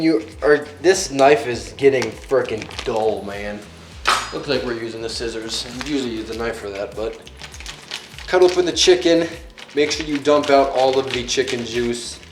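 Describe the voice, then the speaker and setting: A young man chatting casually while cooking in his home kitchen, joking and yelping as onions make him cry. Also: mid-range voice. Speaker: home cook. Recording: echoey room, faint music.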